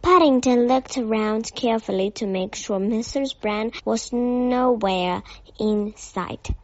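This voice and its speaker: A woman reading a children's story aloud as narrator, measured and careful. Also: fairly high pitch, no echo. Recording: dull lo-fi audio with faint music.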